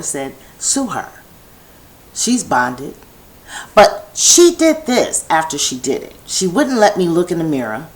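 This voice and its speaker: A woman with a deep voice speaks through poor audio from her home set. The vlogger delivers a meandering personal monologue, restarting her thoughts and wandering into chatty asides.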